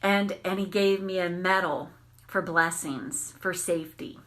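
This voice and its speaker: A woman coaching on tapping, telling candid, animated stories and swearing freely. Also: lowish voice, a little slow. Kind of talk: casual storytelling monologue.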